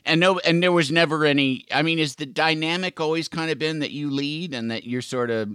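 A man's voice: on the high side, a little fast, bright, forceful tone, clean tone, dry recording, studio quality. A man hosting a casual interview, rambling through his questions with plenty of fillers. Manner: rambling, full of fillers like "you know". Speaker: podcast host.

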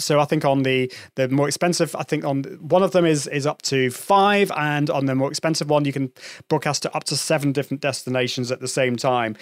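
A man's voice: fairly high pitch, dry recording, clean studio sound. Chatty man hosting a live show. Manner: chatty, rambling with restarts and small laughs. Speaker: host. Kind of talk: live show interview chat.

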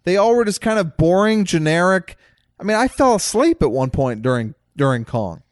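A man's voice: high-pitched, sing-song, no echo, clean studio sound. A man co-hosting a podcast, blunt and sarcastic in casual movie talk. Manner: blunt, sarcastic, quick jokes. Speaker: podcast co-host. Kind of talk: casual movie review chat.

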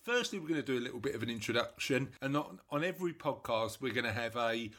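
A man's voice: medium pitch, expressive, fast, a bit bright. A man co-hosting a casual podcast, upbeat and chatty, often repeating his phrases. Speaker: podcast co-host. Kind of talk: casual chat.

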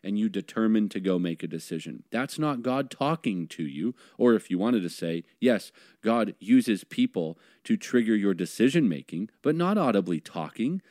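A man's voice: on the low side, lively intonation, moderate pace, hardly any pauses, a little mellow, no room sound, studio quality. A male host talking earnestly in a discussion, pressing on a point for his audience. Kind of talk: podcast discussion.

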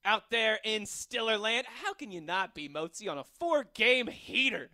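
A man's voice: sits high, very animated, normal speed, sharp tone, dry recording. A man hosting a sports talk radio show from a studio, upbeat, jokey and chatty. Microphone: studio microphone.

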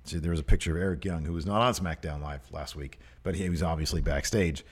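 Co-hosting a casual wrestling podcast, a man chats and reads listener questions aloud with emphasis. His voice is very deep and slightly rough, fairly even in intonation, and quick in pace.

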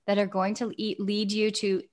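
A woman's voice: medium pitch, monotone, moderate pace. A young adult woman co-hosting a podcast, talking in an effusive, emphatic casual chat and repeating phrases for stress. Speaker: podcast co-host.

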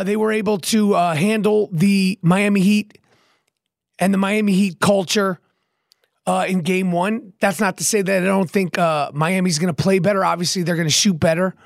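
A man hosting his own podcast, his voice hoarse and not at full strength, talking in a brash, profane, rapid-fire way and repeating catchphrases. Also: high-pitched, no room sound, studio quality. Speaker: podcast host. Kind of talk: hyped solo podcast monologue.

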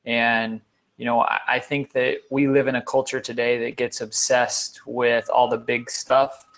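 A man's voice: medium pitch, little pitch movement, unhurried, fairly bright tone. A man being interviewed as a guest on a podcast, a motivational speaker who talks earnestly and repeats words for emphasis.

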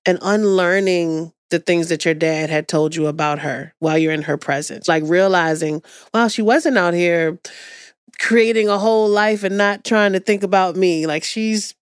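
A woman with a smooth, resonant voice co-hosting a podcast, gently drawing her guests out with questions. The sound is dry and close. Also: fairly low pitch, moderate pace, dry recording. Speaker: co-host. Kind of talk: podcast interview.

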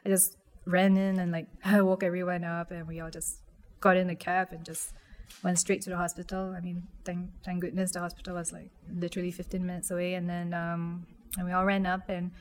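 A young woman quietly telling a personal story, halting with many fillers and restarts. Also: on the low side, slight background noise.

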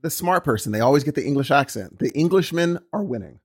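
A man co-hosting a casual podcast chat, playful and quick to laugh, joking in mock accents. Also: fairly high pitch, expressive, breathy edge. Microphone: podcast microphone.

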